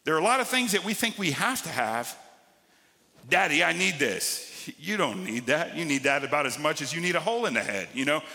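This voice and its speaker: A man preaching a sermon as pastor, swinging between loud emphatic lines and quiet drawn-out ones. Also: a little high, very animated, big-room sound.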